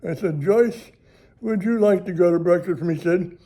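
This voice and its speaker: Older male ministry host, folksy rambling storyteller, higher-pitched, very dark tone. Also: moderate pace. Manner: rambling, chuckling, folksy grammar. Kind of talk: casual storytelling.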